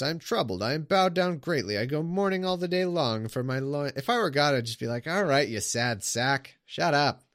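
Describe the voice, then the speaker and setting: A man's voice: lowish voice, dry recording, clean studio sound. A man reads old scripture aloud in a casual way and breaks off into irreverent, sarcastic remarks. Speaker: Bible reader. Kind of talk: casual reading aloud with commentary.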